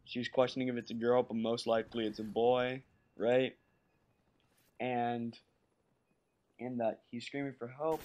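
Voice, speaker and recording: A man's voice: medium pitch, steady tone, normal speed, long pauses, slight background noise. A young man doing casual voice-over commentary over gameplay, nervous and stumbling, often repeating words and asking "right?".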